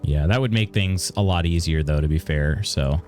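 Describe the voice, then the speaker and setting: Low-voiced guy casually talking thru his game stream, faint music behind. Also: moderate pace. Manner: relaxed, chatty, thinks aloud while playing. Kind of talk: casual live-stream gaming chat.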